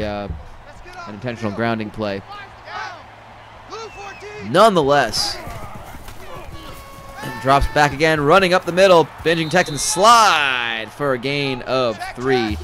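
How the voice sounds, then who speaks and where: In a medium-pitched, slightly bright voice, a guy rambles and jokes his way through a video game football match, firing off quick play calls and tossing in casual swearing.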